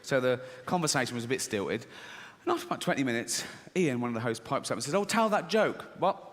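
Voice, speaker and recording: A man's voice: mid-range voice, animated, fast talker, fairly bright tone, long reverb tail. A man from England doing stand-up on a live stage, telling stories into a stage microphone and breaking into giggles at his own punchlines. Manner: giggles through punchlines, acts out quoted voices. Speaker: stand-up comedian. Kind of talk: stand-up storytelling. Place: live comedy stage before an audience.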